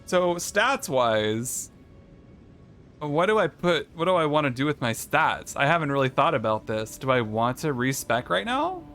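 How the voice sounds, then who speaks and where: A man's voice: on the high side, very animated, a little slow, a bit bright, soft background music. A man casually commenting on a game he is streaming, thinking aloud and talking to his chat. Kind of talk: casual gaming livestream commentary.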